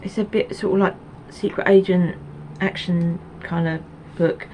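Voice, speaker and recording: A woman's voice: fairly low pitch, fairly even intonation, measured pace, a little mellow, slight background noise, poor audio. Chatty woman rambling to camera. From Essex, England. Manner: rambling, chatty, with many ums and asides. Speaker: knitting podcast host. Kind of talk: casual chat to camera.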